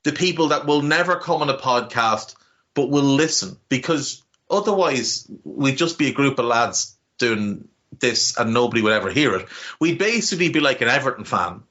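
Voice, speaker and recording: A man's voice: medium pitch, lively intonation, moderate pace, bright, forceful tone, muffled recording. A man with a Navan Irish accent, co-hosting a podcast in casual chat, rambling and heartfelt with many restarts and casual swearing. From Ireland. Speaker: podcast co-host.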